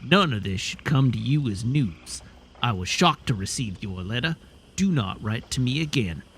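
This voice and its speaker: A stern reformed outlaw turned family man, voiced by a streamer reading a letter, his drawl dropping low and menacing. The tone swings widely and stays forceful. It has a bright, hard edge. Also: animated, normal speed, slightly rough. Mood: stern, threatening.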